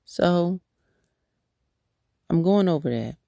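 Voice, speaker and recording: Woman host, devotional testimony, earnest and candid, gravelly voice, dry close sound. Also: on the low side, animated, slow, warm tone, no room sound. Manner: candid, earnest storytelling with restarts. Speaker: podcast host.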